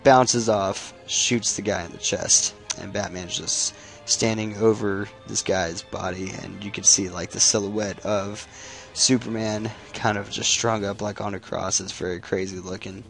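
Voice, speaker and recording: A man's voice: lowish voice, steady tone, unhurried, creaky, a bit bright, faint music behind. A man casually retelling a comic book's plot, swearing freely and restarting his sentences. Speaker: comic book recap YouTuber. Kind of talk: casual spoken comic recap.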